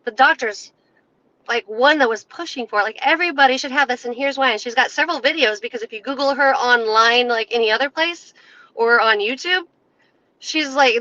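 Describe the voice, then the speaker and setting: A woman with a bright, sharp voice pitched a little high, ranting heatedly to her livestream viewers. She talks emphatically and scolds as she goes, speaking into a cell phone. The sound is dull and lo-fi. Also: no echo. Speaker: livestream host. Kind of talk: casual livestream rant.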